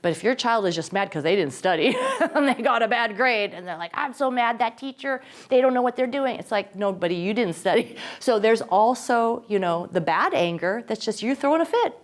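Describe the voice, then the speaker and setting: Animated woman giving a parenting talk. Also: medium pitch, brisk. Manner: lively and animated, acting out quoted voices. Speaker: guest speaker on parenting and faith. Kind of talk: faith-based parenting talk.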